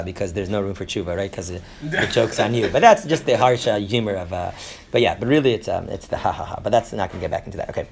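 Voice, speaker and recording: Gravelly man teaching with many restarts. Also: lowish voice, a little hiss or hum. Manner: rambling, many restarts and fillers; mixes Hebrew terms into English. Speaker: Torah teacher. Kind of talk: informal lecture.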